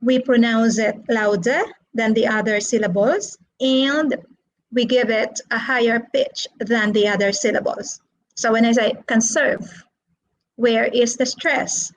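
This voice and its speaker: A woman teaching an online English lesson, asking the class questions in a slow, drawn-out teaching manner. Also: a little high, fairly even intonation, rough recording.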